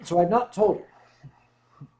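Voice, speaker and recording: A man's voice: high voice, lively intonation, slow pace, warm tone. A man hosting a casual livestream, playful and teasing as he chats with his guest and reads viewer comments aloud. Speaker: stream host.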